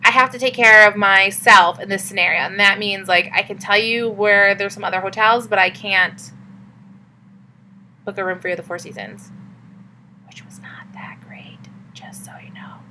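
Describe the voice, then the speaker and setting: A young woman talks straight to the camera in a casual vlog, chatty and upbeat, leaning on fillers. Her voice is bright and forward, at an ordinary pitch, with a faint hum behind it. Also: normal speed, poor audio. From Massachusetts. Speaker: vlogger.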